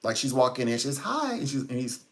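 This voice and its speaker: A man's voice: medium pitch, level tone, fast. A man giving a rambling live-stream talk as a psychic reader, chatty, laughing often and quoting people in little voices.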